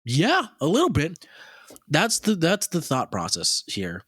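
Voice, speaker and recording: A male podcast host spins a long, wandering tale, swearing casually and tripping over his own words. His pitch leaps up and down with animation. The sound is close and dry, with no room echo. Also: unhurried, husky. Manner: rambling, profane, animated storytelling with many fillers.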